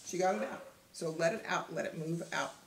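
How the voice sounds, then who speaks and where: A woman with a gravelly, creaky voice leads a self-help book discussion. She speaks in a direct, encouraging way and laughs easily. The echoey room at home carries some faint background noise. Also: on the low side, brisk. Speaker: guest teacher leading a book discussion. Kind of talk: earnest teaching talk.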